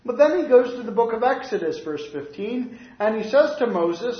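A man preaching a Bible teaching sermon, explaining verses earnestly and slowing down to stress key points. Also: extremely high pitch, expressive, reverberant, muffled recording. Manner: earnest, explanatory, slows for emphasis.

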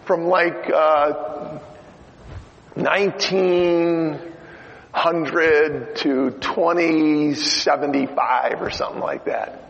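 Middle-aged male preacher, slow and gravelly, storytelling sermon, dull lo-fi church recording. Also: on the high side, expressive. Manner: storytelling, swings from loud exhortation to quiet asides. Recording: dull lo-fi sound in a reverberant hall.

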